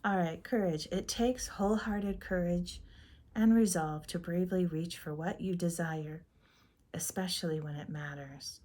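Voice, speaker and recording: Woman tarot reader, gentle and unhurried, mellow low-ish voice, soft breathy tone with half-whispered asides. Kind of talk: slow, soft-spoken tarot reading.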